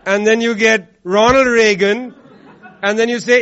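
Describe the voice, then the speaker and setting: Man, very high voice, sarcastic, emphatic, speech to a room, dull lo-fi recording. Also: measured pace, fairly bright tone, some chatter behind. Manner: sarcastic, emphatic, repeats lines for effect. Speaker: speaker at an activist event. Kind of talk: political speech to a live audience. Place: room with an audience.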